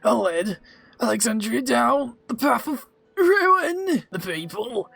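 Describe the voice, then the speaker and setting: Man voicing a dying queen, put-on British accent, high anguished wails, drawn out. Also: expressive, gravelly, a bit bright, slightly rough, faint music behind, full character voice. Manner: wailing, drawn-out cries. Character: dying greedy queen, woman, crying out.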